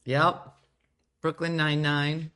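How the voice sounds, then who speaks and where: Here the same playful host reads out viewers' comments and jokes around with them during a casual livestream from her home. She has a low, fairly bright voice and a slow, flat delivery.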